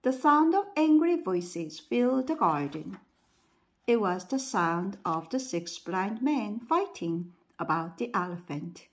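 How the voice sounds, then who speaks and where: A woman reading a bedtime story aloud. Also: medium pitch. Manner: slow, lively storybook reading.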